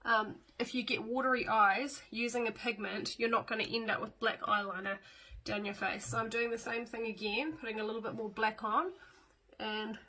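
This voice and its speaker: A woman's voice: a little high, fairly even intonation, normal speed, sharp tone, poor audio. A middle-aged woman, chatting casually through a step-by-step makeup demo with fillers and small asides. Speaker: makeup tutorial host.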